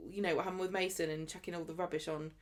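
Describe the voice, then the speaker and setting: A woman, co-hosting a casual chat podcast and talking in a jokey, ranting way. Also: fairly low pitch. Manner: animated, jokey, quick to rant. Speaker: podcast co-host.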